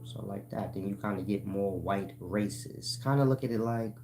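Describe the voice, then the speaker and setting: A man with a fairly low voice talks straight to his listeners in a loose, profane monologue. He keeps checking in with them to see if they follow. Faint music plays underneath. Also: normal speed, darkish tone. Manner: profane, keeps asking "you get my point?"; addresses listeners as "y'all". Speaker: channel host. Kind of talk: casual explanatory monologue.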